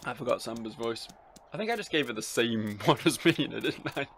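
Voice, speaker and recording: Brief: male let's-play host, dry, self-mocking wit, gravelly mid-pitched voice. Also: animated, a little fast, a bit bright, a little hiss or hum. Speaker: gaming video host.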